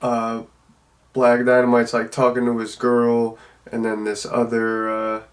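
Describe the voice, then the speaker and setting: A man's voice: medium pitch, monotone, a little slow. A man giving a casual, loose and rambling spoken review of a film. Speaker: movie reviewer.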